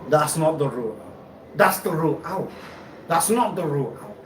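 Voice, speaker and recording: Male live-streamer, halting and repetitive, slightly high voice, recorded off-mic in a roomy, noisy space. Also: lively intonation, recorded from a distance. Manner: halting, repeats himself, laughs often. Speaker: livestream host. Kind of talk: rambling live-stream talk. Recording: echoey room, off-mic, noisy ambience.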